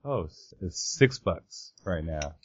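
A man's voice: low-pitched, lively intonation, slow, muffled recording. A man on a podcast giving brief remarks and quoting card prices. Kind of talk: casual card-review chat.

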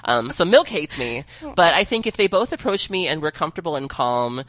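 A woman's voice: low-pitched, big pitch swings, a little fast, fairly bright tone, no room sound. A woman hosting a casual podcast chat, rambling and laughing at herself. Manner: laughing, rambling, self-deprecating. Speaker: podcast host.

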